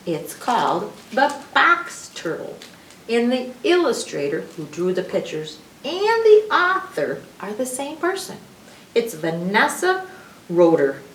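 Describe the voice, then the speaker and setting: A woman librarian reading alphabet rhymes to young children in a slow, sing-song way, sounding out each letter, recorded from a distance in an echoey room. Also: fairly high pitch, huge pitch swings, a little hiss or hum.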